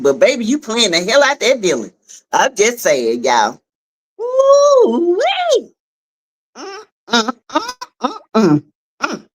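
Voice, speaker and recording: A woman with a Southern US accent giving animated, casual livestream commentary on a web skit series, talking straight to viewers. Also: on the high side. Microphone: streaming setup.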